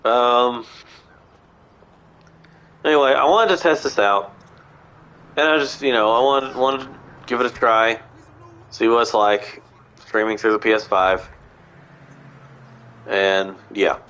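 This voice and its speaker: Male streamer with a sick, nasal voice; rambling, halting casual chat over gameplay through a console headset mic. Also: mid-range voice, fairly bright tone. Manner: rambling, halting with many restarts.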